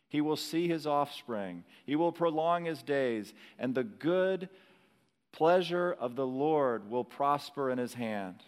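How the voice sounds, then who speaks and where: A man preaching a sermon in a slow, dramatic way, rising to emphatic peaks and dropping to hushed lines. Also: a little high, long reverb tail. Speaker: pastor.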